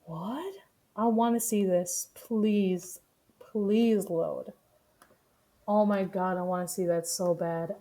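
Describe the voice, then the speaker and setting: A woman's voice: mid-range voice, steady tone, dark tone. Blunt, profane woman streamer. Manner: profane, blunt, quick to laugh. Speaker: streamer reacting to news. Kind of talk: casual live-stream commentary.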